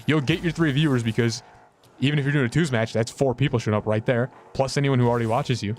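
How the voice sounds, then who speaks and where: Young male streamer, mid-range voice, rambling self-mocking chatter, pitch jumps around. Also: fast talker, darkish tone, a little hiss or hum. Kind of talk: casual gameplay commentary.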